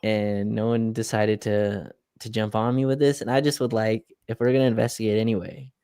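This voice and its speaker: Animated man ranting about basketball trades. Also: on the low side, fairly quick, smooth. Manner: animated, exasperated ranting with laughs. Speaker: podcast co-host. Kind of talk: casual sports chat.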